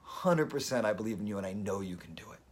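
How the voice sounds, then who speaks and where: A man's voice: fairly low pitch, expressive, fast. A man hosting a daily live video, talking earnestly and openly emotional as he gives motivational advice. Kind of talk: motivational live-stream talk.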